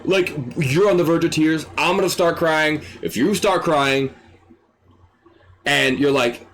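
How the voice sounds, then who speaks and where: A man streaming, ranting in an exasperated, animated way and swearing freely. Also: a little high, a little slow. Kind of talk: ranting commentary.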